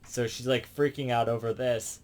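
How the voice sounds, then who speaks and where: Dude rambling thru a cartoon season recap, lots of ums and restarts, casual. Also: male voice, medium pitch, steady tone, a little mellow. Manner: rambling, halting, with many fillers and restarts. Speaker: reviewer.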